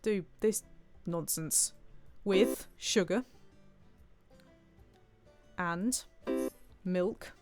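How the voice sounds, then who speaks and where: A woman's voice: mid-range voice, extremely slow, long pauses, darkish tone, faint music behind. A woman streaming a cooking game, chatting playfully and reading viewer comments aloud. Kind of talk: casual gameplay commentary.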